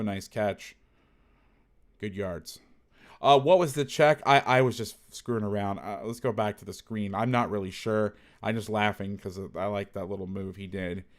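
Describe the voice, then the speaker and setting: A man who coaches football, talking casually through game film, blunt and salty, thinking aloud and correcting himself as he goes. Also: lowish voice.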